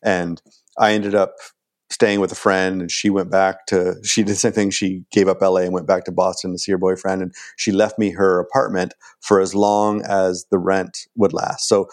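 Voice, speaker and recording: A man, chatting casually as a guest and telling an animated story. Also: deep voice, normal speed. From Canada. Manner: animated storyteller acting out quoted lines.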